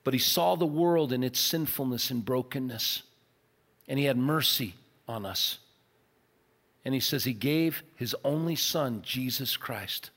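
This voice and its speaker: A man preaching a sermon as pastor, earnest and emphatic, softening into a quiet prayer. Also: medium pitch. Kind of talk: sermon with altar call. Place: large church auditorium. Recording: long church hall reverb.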